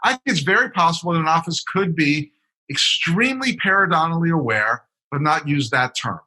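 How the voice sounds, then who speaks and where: A male dentist co-hosting a podcast, explaining terms and ribbing his partner. His voice is husky yet very bright and forward. His pitch moves a lot as he talks. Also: animated, fairly quick, rough recording. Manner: explanatory, teasing, laughs at co-host. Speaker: dentist co-host. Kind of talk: casual podcast chat.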